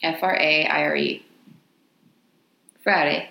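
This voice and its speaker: A woman's voice: lowish voice, animated, moderate pace, a bit bright, echoey room. Casual, swearing Texan woman. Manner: casual, swears freely, laughs often. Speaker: podcast co-host. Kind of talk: casual chat, storytelling.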